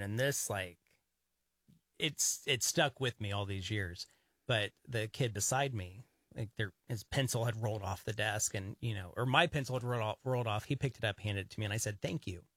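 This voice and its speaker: A man co-hosting a radio talk show, telling animated, rambling stories in casual chat. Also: fairly low pitch, brisk, no echo, clean studio sound. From grew up in the countryside.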